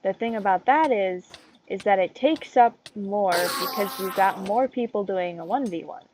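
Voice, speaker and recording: A teenage girl telling a story in a loose, rambling rant, full of "like" and "um" and sudden tangents. Her voice sits at an ordinary pitch for her age. Loud background noise and clicking run under the whole recording. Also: moderate pace. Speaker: vlogger. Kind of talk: casual rant.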